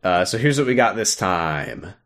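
Brief: man, lowish voice, easygoing podcast co-host, rambles and laughs while recapping a game. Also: lively intonation, moderate pace, fairly bright tone. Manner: rambling, with many fillers, laughs and acted-out quotes. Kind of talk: casual chat recapping a video game.

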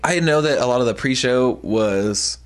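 A man speaking in a middle-pitched voice on a podcast. He talks with enthusiasm and quickly agrees with his co-hosts. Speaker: podcast co-host. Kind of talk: casual chat.

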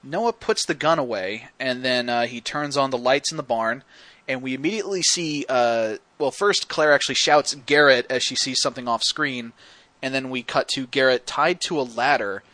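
A man's voice: mid-range voice, normal speed, bright, forceful tone, dry recording. A man hosting a casual podcast that breaks down a film, wry and detailed, quoting scenes as he goes. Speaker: podcast host.

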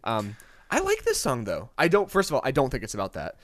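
A man's voice: mid-range voice, wildly swooping pitch, fast, no room sound. Rambling, playful man on a podcast. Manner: rambling, playful, self-correcting. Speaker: podcast co-host. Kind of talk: casual chat.

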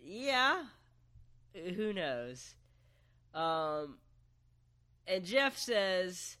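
A man co-hosting a podcast, recapping a story in relaxed casual chat with lots of fillers. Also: a little high, unhurried, no room sound. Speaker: podcast co-host.

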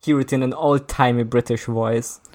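Podcast co-host, casual group chat, rambling, lots of "like", lower voice. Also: fairly even intonation, moderate pace, darkish tone. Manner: rambling, analytical, uses "like" a lot.

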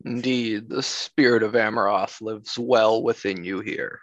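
A man's voice: lowish voice, steady tone, unhurried, no echo, lo-fi sound, close to an everyday voice. A man voicing a polite, persuasive male villain in a tabletop game. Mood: courtly. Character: smooth-talking male deceiver, adult.

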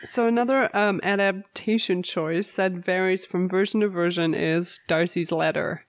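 A woman chatting casually, opinionated and quick to laugh. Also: on the low side, fairly even intonation. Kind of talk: casual chat about book adaptations.

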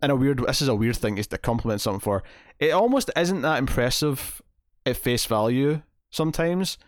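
A man's voice: medium pitch, animated, brisk, dry recording, studio quality. A man hosting a podcast, chatting casually and enthusiastically about a TV episode with many restarts. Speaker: podcast host. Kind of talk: casual TV recap chat.

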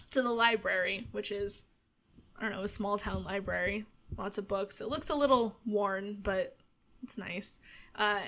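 A woman's voice: mid-range voice, fairly bright tone. A woman narrating as a game master, talking in a chatty way with many fillers.

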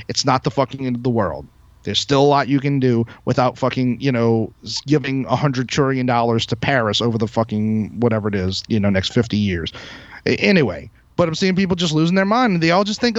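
A man's voice: mid-range voice, brisk, no room sound. A man hosting a podcast who delivers a heated, profane, emphatic rant. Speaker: podcast host. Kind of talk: ranting podcast monologue. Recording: dull lo-fi, dry sound.

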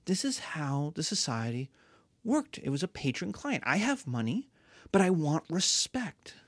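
A woman history teacher giving an animated, storytelling lecture. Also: low voice, measured pace, slightly rough, no echo. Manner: lively, storytelling, acts out voices.

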